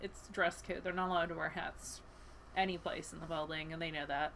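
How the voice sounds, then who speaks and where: A woman co-hosting a casual chat show, an animated storyteller who laughs often and acts out the lines she quotes. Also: sits low, a little fast, slight background noise. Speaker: podcast co-host, school librarian.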